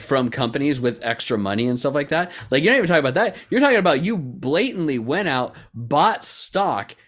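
Man, mid pitch, lively intonation, casual chat, swearing, laughing. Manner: animated, profane, laughing. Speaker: podcast co-host.

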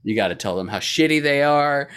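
A man's voice: a little high, expressive, moderate pace, fairly bright tone, smooth. Laughing, swearing young man chatting. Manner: laughing often, swearing, acting out quotes. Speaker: podcast co-host. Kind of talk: casual chat.

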